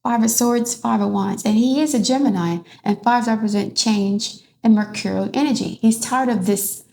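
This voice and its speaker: A woman's voice: on the high side, normal speed, vocal fry, darkish tone, slight background noise. A woman giving a casual tarot reading in a rambling way, restarting often. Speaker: tarot reader.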